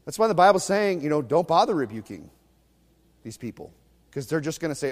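A fiery male preacher with a slightly high voice, swinging from thunderous bursts to hushed, mocking asides. His sermon rings out with the long reverb of a church hall. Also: sing-song, a little fast. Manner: fiery, mocking preacher who shifts between loud and hushed. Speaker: pastor.

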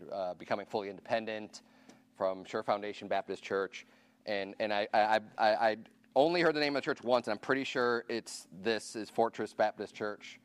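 Pastor, male, low smooth voice, chatty announcements, quizzes the congregation. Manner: informal, asks the room questions and counts hands. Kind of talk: casual church announcements to a congregation. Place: church meeting room.

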